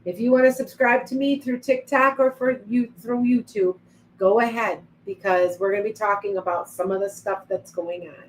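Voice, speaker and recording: A woman's voice: medium pitch, steady tone, moderate pace, a little hiss or hum, rough recording. A middle-aged woman hosting a casual psychic livestream, rambling and reading out viewer comments as they come in. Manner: chatty, rambling, reads viewer comments aloud. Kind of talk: casual live-stream chat.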